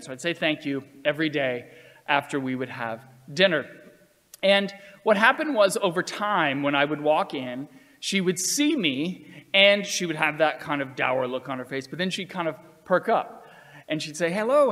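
A man telling personal stories in an earnest, measured way, acting out quotes along the way. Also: a little high, a bit bright, in a large hall. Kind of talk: storytelling talk.

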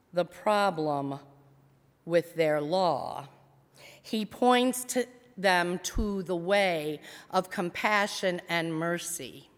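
A woman pastor preaching a sermon, retelling a story with dramatic pauses in a church sanctuary. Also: lowish voice. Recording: long church reverb.

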